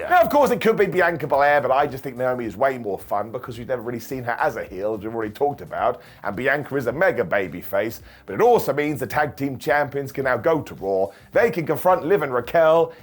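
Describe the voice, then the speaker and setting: A man's voice: medium pitch, slightly rough. A man giving a casual, jokey review of a wrestling show, often laughing through his commentary. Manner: animated, laughing, jokey asides.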